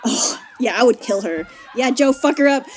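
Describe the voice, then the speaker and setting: A woman giving casual movie reaction commentary, excitable and slangy, laughing often and swearing. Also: a little high, moderate pace, slight background noise. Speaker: reaction vlogger.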